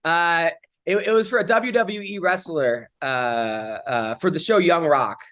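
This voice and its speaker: A man's voice: on the high side, unhurried, a bit bright. A man telling stories on a comedy podcast, casual chat, rambling with lots of fillers and restarts.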